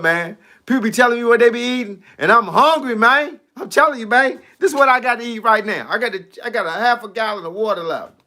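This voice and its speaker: A man who coaches fitness and boxing, chatting casually on a live stream into a phone, animated and slangy, laughing often. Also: sits high.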